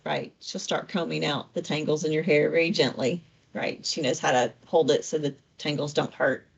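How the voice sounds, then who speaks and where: A woman's voice: low-pitched, creaky, slightly rough. A woman narrating her actions in a tabletop role-playing game, casually thinking aloud. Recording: dull lo-fi recording with faint music.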